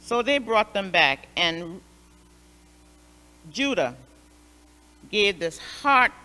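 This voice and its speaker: Brief: woman Sunday school leader, slow and bright, storytelling with emphatic repeats, reverberant church hall. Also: mid-range voice. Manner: expressive, repeats phrases for emphasis. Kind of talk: Bible lesson storytelling.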